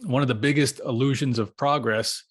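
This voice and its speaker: Calm, heartfelt man as podcast guest. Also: mid-range voice, normal speed. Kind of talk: casual podcast conversation.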